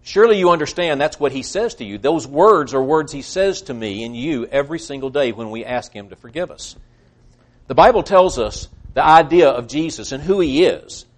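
Earnest preacher man, slightly high voice. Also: expressive, normal speed. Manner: earnest, swings from loud emphasis to hushed tones. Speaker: pastor. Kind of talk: sermon.

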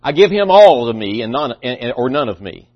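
A man's voice: medium pitch, very animated, fairly quick. A man preaching a sermon as pastor, earnest and emphatic, often restarting his phrases. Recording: dull lo-fi recording.

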